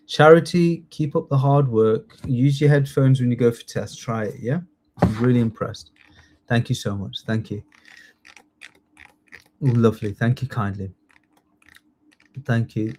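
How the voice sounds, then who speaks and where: A man's voice: mid-range voice, creaky, darkish tone, a little hiss or hum. Chatty man running a live quiz lesson. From United Kingdom. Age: 30s. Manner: chatty, jokey, reads out multiple-choice options and praises students by name. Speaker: citizenship test tutor.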